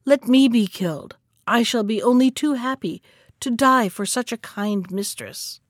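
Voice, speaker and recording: A woman's voice: fairly high pitch, unhurried, no echo, studio quality. A woman reading the part of a devoted little servant girl who speaks earnestly.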